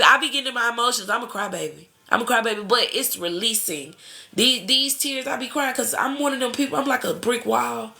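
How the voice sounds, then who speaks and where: Woman doing a live card reading, gravelly fry in her voice, talks easy to the viewers like family. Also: a little high, brisk, pushed and bright. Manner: chatty, calls viewers cousin and baby, laughs often. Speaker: tarot reader on a live stream. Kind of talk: casual live-stream chat.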